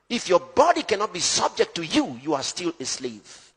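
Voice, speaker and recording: A man preaching a sermon as pastor, emphatic, swinging between loud shouts and low hushed lines. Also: wildly swooping pitch, moderate pace, slightly rough, big-room sound.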